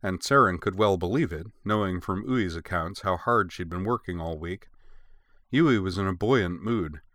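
Deep-voiced man reading a story. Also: normal speed, fairly bright tone, no echo. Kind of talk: storybook narration.

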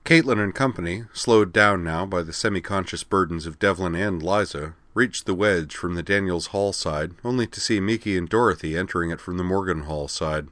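Deep male narrator, steady reading, close dry sound. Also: normal speed, few pauses, dry recording. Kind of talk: scripted narration.

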